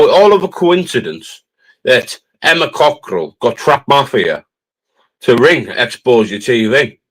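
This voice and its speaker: A man's voice: mid-range voice, poor audio. Cumbrian male streamer, combative, repetitive, mid-range voice. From northern England. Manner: confrontational, repeats "right?" constantly. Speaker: livestream host. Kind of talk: heated livestream rant.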